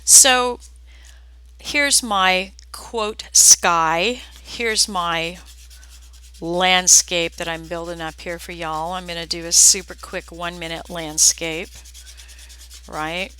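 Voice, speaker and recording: Bright, chatty Southern woman teaching art. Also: fairly low pitch, fairly even intonation, takes it slowly, clean tone, poor audio. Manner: chatty, folksy, talks to viewers as "y'all". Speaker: art instructor. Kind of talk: live-streamed painting demonstration.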